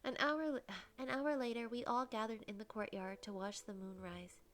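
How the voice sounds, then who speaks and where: A young woman with a soft, breathy voice reading a visual novel aloud in first person as a game streamer. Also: a little high, steady tone, moderate pace.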